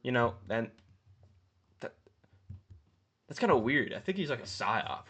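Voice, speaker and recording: A man talks in a loose, rambling way and swears freely. His voice sits at an ordinary middle pitch but jumps up sharply when he stresses a point. He sounds like someone giving casual commentary to an online audience. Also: very animated, a little slow, a bit bright, slightly rough. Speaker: mma commentary host. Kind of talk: casual profane ranking commentary.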